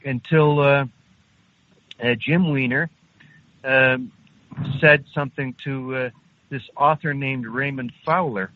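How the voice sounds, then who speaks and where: Halting older man on a phone line. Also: medium pitch, steady tone, no room sound. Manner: halting, unhurried, frequent hesitations. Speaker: interview guest. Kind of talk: recounting a personal story. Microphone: phone call.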